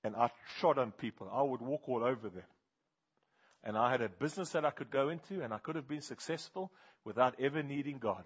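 A man preaching a sermon, firing questions at the congregation and swinging between hushed and loud passages. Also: mid-range voice, a little fast, slightly rough, lo-fi sound.

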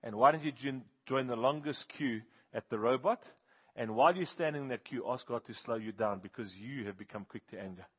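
A man preaching a sermon, telling animated stories and swinging from loud bursts to hushed, slow appeals. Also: medium pitch, husky. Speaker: pastor. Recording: dull, muffled sound.

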